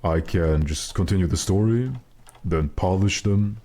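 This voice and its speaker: A man's voice: low-pitched, unhurried, dark tone. A man giving casual live commentary while streaming a game, chatty with wry, self-mocking asides.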